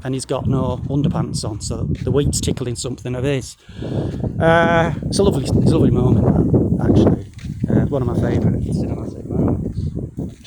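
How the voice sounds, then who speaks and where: A man's voice: mid-range voice, animated, moderate pace, heavy background noise. A man chatting and joking to the camera in a rambling way while standing in a wheatfield, recorded on a phone. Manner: joking, rambling, talks to an unseen companion. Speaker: vlogger. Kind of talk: rambling outdoor vlog chat. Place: outdoors in a wheatfield.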